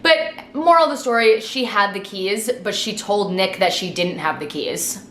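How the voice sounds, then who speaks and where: A young woman in her twenties telling a storytime vlog in a chatty, sweary, animated way, a little tipsy from wine. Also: medium pitch, moderate pace, roomy sound, a little hiss or hum. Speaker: vlogger. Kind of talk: casual storytime monologue.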